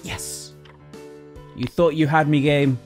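A man's voice: on the high side, steady tone, slow pace, soft background music. A man doing exasperated, self-mocking gameplay commentary, yelping often. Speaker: gaming YouTuber. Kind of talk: game commentary.

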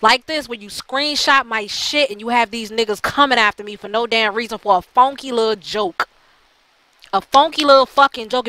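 Woman, heated profane rant, bright forceful voice, slightly high pitch, dry close sound. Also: moderate pace, no room sound, rough recording. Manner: blunt, heated, heavy swearing; frequent fillers and repeated restarts. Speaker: channel host. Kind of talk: profane ranting monologue.

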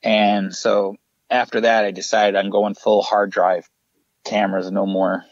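A man, a paranormal investigator guest on a podcast, telling lively stories and acting out what people said. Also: on the low side, a little slow, no room sound, highs cut off. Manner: animated anecdotes with acted-out quotes. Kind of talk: casual podcast storytelling.

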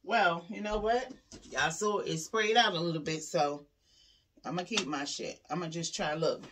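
A young woman talks straight to camera in a loose, profane vlog rant. Her voice sits a little low, swinging between heated venting and hushed asides. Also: moderate pace, slight background noise. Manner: frustrated venting, profane and animated, drops to quiet asides. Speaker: vlogger. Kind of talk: casual vlog talk to camera.

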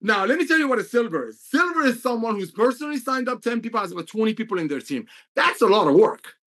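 Excitable man with a lively, swooping voice. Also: very high voice, fast. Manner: emotional, excitable, repeats figures for emphasis. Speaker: network marketing company executive. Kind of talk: motivational company update.

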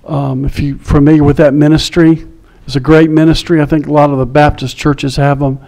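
A male pastor telling a personal story in a sermon, conversational, dropping to a hush at quiet moments. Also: fairly high pitch, flat delivery, fairly quick, vocal fry.

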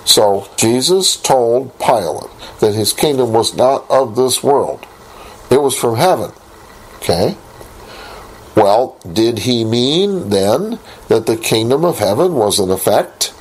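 A man teaching a Bible lesson, reading scripture aloud and posing rhetorical questions in a deliberate way. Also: medium pitch, expressive, rough recording. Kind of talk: recorded Bible study lesson.

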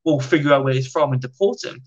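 A man's voice: mid-range voice, muffled recording, lightly acted. A British man voicing baffled male Taliban guards who fire off bewildered questions. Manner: exclaiming in bewildered, rapid questions.

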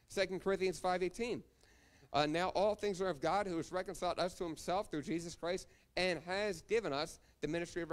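A man preaching a sermon to his church, his voice sitting a little high for a man. He moves through scripture references one after another, then calls out to the congregation for an amen. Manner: preaching, reading scripture references and calling for amens. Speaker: pastor.

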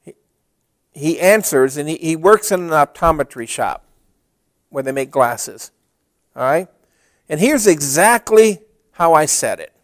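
Male pastor, high voice with a lot of lift, dry close sound; storytelling sermon that builds to emphatic preaching. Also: expressive, a little slow, long pauses, dry recording.

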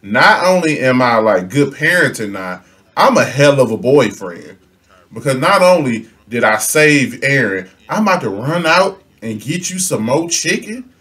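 A man's voice: medium pitch, measured pace. A young man telling a comedic storytime on his own channel, slangy and laughing, acting out the people in his story. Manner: animated, laughing, slangy, acts out quotes. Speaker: storytelling vlogger.

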